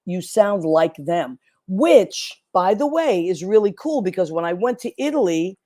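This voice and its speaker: A woman's voice: fairly low pitch, sing-song, a little slow, warm tone, dry recording, clean studio sound. A woman hosting a talk show, chatting in an effusive, rambling way. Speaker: show host. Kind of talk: casual chat.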